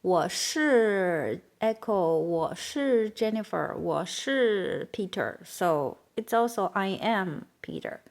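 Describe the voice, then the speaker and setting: A woman's voice: medium pitch, darkish tone. A woman teacher with a Chinese accent, a native Chinese speaker, explaining a beginner language lesson and repeating words carefully.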